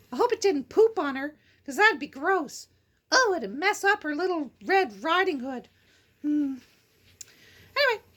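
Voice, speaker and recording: High, playful woman reading a story. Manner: chatty, with silly asides and giggles. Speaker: storyteller host. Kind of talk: casual storybook read-aloud.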